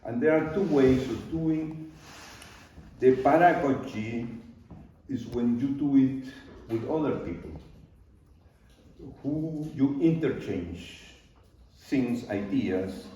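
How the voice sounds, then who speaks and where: An older Peruvian man with a Spanish-accented voice talks to an audience at an easy pace, pausing often with loose grammar. His voice is mellow and low in brightness. It is heard from across a very echoey studio, with a slightly dull sound. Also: lively intonation, a little hiss or hum. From Peru. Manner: unhurried, loose grammar, pauses and fillers. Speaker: artist giving a talk. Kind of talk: live talk to an audience. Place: large art studio. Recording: very echoey room from far off, dull.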